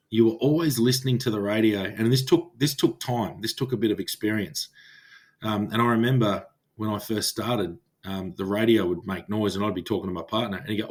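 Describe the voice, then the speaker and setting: A man with an Australian accent, a former police officer co-hosting a podcast and telling stories in casual chat, acting out old radio calls as he goes. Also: fairly low pitch.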